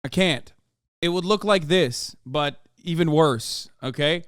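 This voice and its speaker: A man streaming his reaction to a video, excitable and rambling and swearing a lot. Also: on the high side, slow pace, clear, resonant tone, dry recording, clean studio sound. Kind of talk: casual reaction commentary.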